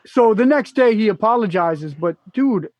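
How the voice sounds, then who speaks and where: A man's voice: sits high, expressive, normal speed, highs cut off, background noise. A man on a casual podcast, telling a story bluntly, with lots of swearing and acted-out quotes. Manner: blunt, profane, acts out exasperated quotes.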